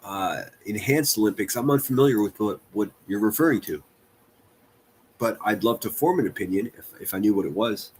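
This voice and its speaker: A man's voice: fairly low pitch, expressive, fairly quick, a little mellow, slight background noise. A man hosting a livestream, giving crude, sarcastic reaction commentary and mocking what he plays. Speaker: commentary streamer host.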